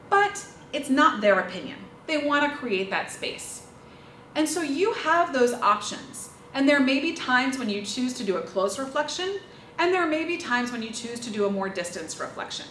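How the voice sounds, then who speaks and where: A woman trainer talks through listening skills with a lively, bouncing pitch and a slightly high voice, illustrating each point with examples. She sits back from the mic in an echoey room. A faint ambience hums underneath. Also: distant mic, slight background noise. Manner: lively, demonstrative, explains with examples. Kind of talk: instructional talk on listening skills.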